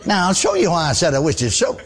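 Folksy older preacher with a husky voice. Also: male voice, on the high side, wildly swooping pitch, fast, some chatter behind. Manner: folksy, conversational, many asides and repeated words. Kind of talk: storytelling sermon.

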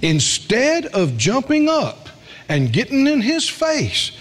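Man pastor, sermon, folksy call-and-response, slow deliberate pace. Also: extremely high pitch, huge pitch swings, a bit bright.

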